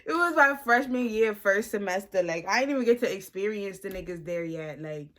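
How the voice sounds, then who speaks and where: A woman in her twenties from the United States telling a casual storytime vlog into a phone camera, animated and slangy. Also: mid-range voice, fairly quick. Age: 20s. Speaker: vlogger.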